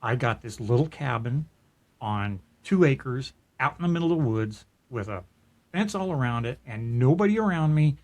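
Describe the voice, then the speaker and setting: Middle-aged male podcast host, earnest and reflective, mid-pitched, casual storytelling. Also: animated, normal speed. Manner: earnest and reflective, with frequent restarts. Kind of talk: personal storytelling in casual chat.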